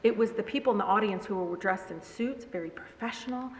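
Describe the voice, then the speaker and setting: A woman speaking as a guest, telling animated stories to a live audience, laughing as she goes and slipping into the voices of her family members. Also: medium pitch, fairly quick. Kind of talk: conversational storytelling to a live audience. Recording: echoey hall, faint background hum.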